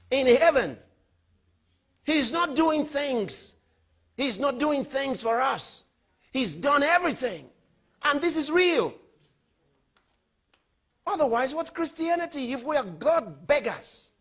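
A middle-aged man preaching a sermon as a pastor, emphatic, moving between loud outbursts and low, quiet storytelling. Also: slightly rough.

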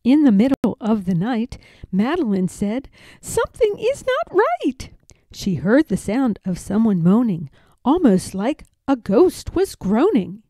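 A female storybook reader reads a rhyming children's picture book aloud with a slow, unhurried, rhythmic delivery. Her mellow, rather high voice rises and falls in a lively sing-song, and the recording is dry and close, with no room sound.

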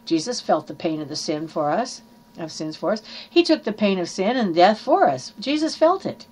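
A woman's voice: on the low side, very animated, normal speed, a little mellow, husky. A woman preaching a sermon in an earnest teaching manner, reading scripture aloud and explaining it.

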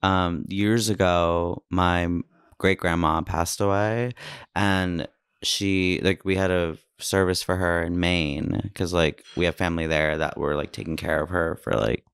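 Very low-voiced man rambling casually. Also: fairly even intonation, measured pace, fairly bright tone, clear, resonant tone, no echo, studio quality. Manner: rambling storyteller full of filler words. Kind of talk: casual podcast chat.

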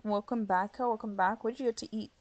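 A woman's voice: mid-range voice, steady tone, quick pace, no room sound. A woman streaming a video game live, chatting casually and rambling with lots of "like", tired and yawning late at night. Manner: chatty and rambling, many fillers of "like". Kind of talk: casual chat while gaming live.

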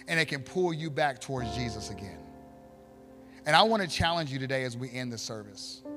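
Male pastor, sermon delivery, bright-ish voice, big swings from hushed to loud. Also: fairly high pitch.

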